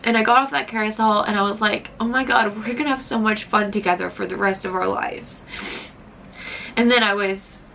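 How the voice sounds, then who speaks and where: A woman's voice: mid-range voice, steady tone, fairly quick, vocal fry, fairly bright tone, slight background noise. A young woman vlogger telling a personal story in a chatty, casual way, full of "like", tearful at moments. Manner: chatty, heavy use of "like", emotional at times.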